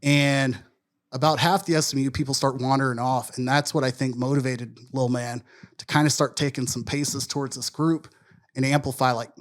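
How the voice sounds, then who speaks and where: A man's voice: mid-range voice, fairly even intonation, moderate pace. A man from Wisconsin, co-hosting a podcast, telling a long story in a loose, profane, self-deprecating way. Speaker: podcast co-host. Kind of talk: casual storytelling chat.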